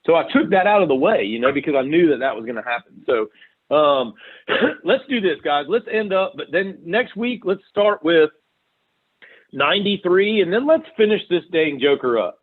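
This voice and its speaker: A man leading a sales team meeting, telling animated stories and setting the schedule. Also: fairly high pitch, moderate pace. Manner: animated storytelling with quoted dialogue. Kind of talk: team call, casual meeting talk. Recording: tinny phone-line audio.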